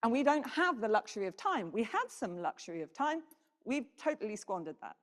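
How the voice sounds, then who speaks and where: A woman delivers a conference keynote with a lively, swooping voice that sits on the higher side. She keeps turning questions out to the audience. The sound carries a long reverb from the hall. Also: a little fast. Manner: animated, engages audience with questions. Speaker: keynote speaker. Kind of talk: conference presentation.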